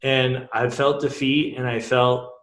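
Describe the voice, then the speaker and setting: A man's voice: mid-range voice, flat delivery, measured pace, fairly bright tone. A man guest on a podcast, frankly telling a personal story in a casual, emotional way and swearing freely. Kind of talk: candid conversational storytelling. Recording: roomy echo.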